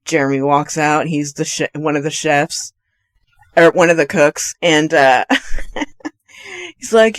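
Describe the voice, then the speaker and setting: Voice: mid-range voice, unhurried, no echo. A podcast co-host chatting casually about a movie, laughing often and acting out scenes. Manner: laughs often, retells scenes with lively voices. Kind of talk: casual movie review chat.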